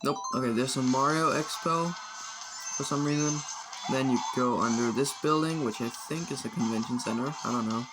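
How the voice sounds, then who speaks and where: A man's voice: mid-range voice, moderate pace, poor audio. A man giving casual, rambling commentary over gameplay, often unsure and sometimes mock-outraged. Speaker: gaming video creator. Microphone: phone. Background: video game music.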